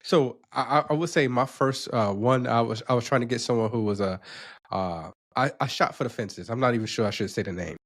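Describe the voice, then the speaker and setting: A man hosting an interview podcast in casual chat, speaking hesitantly with frequent pauses and fillers. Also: mid-range voice. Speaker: podcast host.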